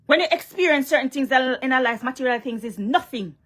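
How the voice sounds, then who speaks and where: A Jamaican woman delivers a confrontational vlog rant, mixing Patois and English as she scolds. Her voice sits a little high. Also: lively intonation, fairly quick, a bit bright. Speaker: vlogger. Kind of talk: heated monologue to a rival.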